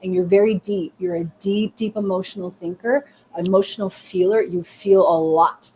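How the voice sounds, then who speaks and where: A woman's voice: medium pitch, fairly even intonation, normal speed, mellow, a little hiss or hum. A woman medium doing live readings, speaking in a soothing, affirming way in short phrases and often saying okay. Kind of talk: live-stream reading, chatting to viewers.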